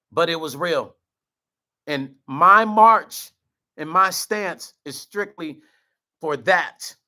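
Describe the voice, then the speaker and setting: A middle-aged man on his vlog, fighting back tears as he talks earnestly to his viewers. His voice is fairly high and bright, with a forceful edge, and he keeps circling back to the same words. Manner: earnest, repeats himself, addresses viewers as y'all. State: choked up, near tears. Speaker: vlog host. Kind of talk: emotional direct-to-camera talk.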